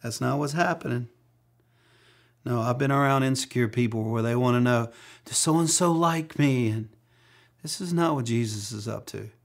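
A man's voice: medium pitch, normal speed, gravelly, long pauses. A middle-aged man preaching a sermon as pastor, mixing humorous personal stories with acted-out quotes.

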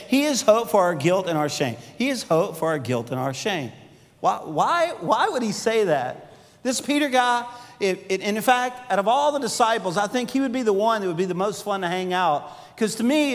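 A man preaching a sermon as a pastor, telling stories animatedly and acting out the voices he quotes. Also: high voice. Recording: long hall reverb, faint music behind.

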